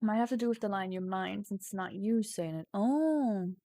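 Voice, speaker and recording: A woman's voice: medium pitch, normal speed, mellow, dry recording, clean studio sound. A woman streaming an AI text adventure, chatting casually while she types, laughing at herself and reading story lines aloud. English is not her first language. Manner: self-mocking, laughs often, reads story text aloud. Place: home streaming setup.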